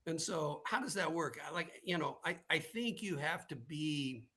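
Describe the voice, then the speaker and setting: A man's voice: a little high, lively intonation, normal speed, sharp tone. A man who is a guest on a live show, casually telling personal stories and often checking in with "right?". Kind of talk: casual storytelling in conversation.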